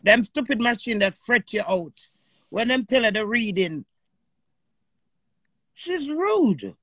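Jamaican woman, confrontational live-stream rant, heavy cursing; high-pitched, close and dry. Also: big pitch swings, slow pace, a bit bright, no echo.

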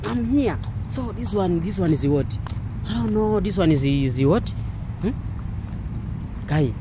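Man, slightly high voice, gushing walking-tour vlogger. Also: unhurried, background noise. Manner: excited, repetitive exclamations; non-native English, broken grammar. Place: outdoors in a park.

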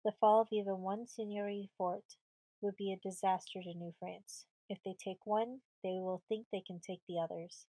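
A woman's voice: medium pitch, flat delivery, normal speed, warm tone, no room sound, natural voice, low-quality recording. A woman voicing a brave teenage girl in command of a fort, speaking firmly and earnestly. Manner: firm, earnest.

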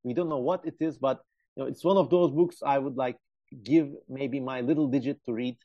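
A man co-hosting a casual podcast, retelling a story with animated jokes and lots of fillers. His voice sits mid-range, recorded dull and lo-fi in a dry, close space. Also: medium pitch, brisk, dry recording. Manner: animated storyteller, jokey asides, many fillers. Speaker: podcast co-host. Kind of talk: casual chat.

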